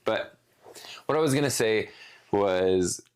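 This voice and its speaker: A man's voice: fairly low pitch, takes it slowly, a little mellow, smooth. A man co-hosting a casual podcast, rambling through a rant with restarts and some swearing. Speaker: podcast co-host.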